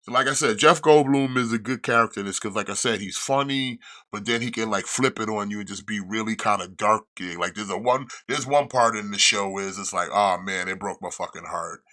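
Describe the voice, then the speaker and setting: A man hosting a podcast, retelling a series in casual chat with rambling, profane storytelling and quick restarts. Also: on the low side, bright, forceful tone. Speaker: podcast host reviewing a show.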